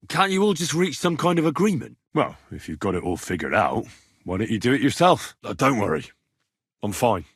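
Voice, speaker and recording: An actor playing a wry, plainspoken young medieval commoner hero in a game, sardonic and quick to swear. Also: male voice, on the low side, husky, no echo, studio quality, exaggerated voice. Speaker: game protagonist. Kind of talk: game voice lines.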